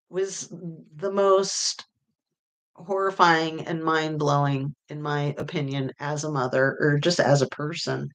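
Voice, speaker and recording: A middle-aged woman hosting a true crime livestream, chatting casually with viewers in a rambling way full of fillers. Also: on the low side. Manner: rambling, with many fillers and pauses. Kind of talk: casual livestream chat reading viewer comments.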